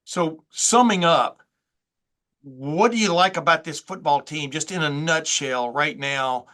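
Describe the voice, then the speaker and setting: An older man with a bright, forceful voice, pitched a little high for a man. He hosts a relaxed football chat in a folksy, rambling way and stammers now and then as he builds his questions. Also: a little slow. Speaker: sports reporter host. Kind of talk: casual sports talk.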